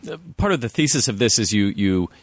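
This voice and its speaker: A man hosting an interview, asking long questions with halting restarts and fillers. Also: lowish voice, lively intonation, no echo. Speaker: podcast interviewer.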